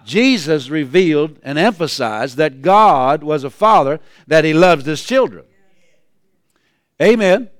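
A male pastor preaching a sermon, calling out to his congregation and building repeated refrains into shouts. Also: fairly high pitch, expressive, unhurried, no room sound, studio quality. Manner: calls out to the congregation.

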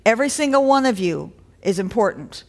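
A woman's voice: fairly high pitch, expressive, brisk. A woman preaching a sermon to a congregation in a church, in a conversational, encouraging way that builds to rising exhortations.

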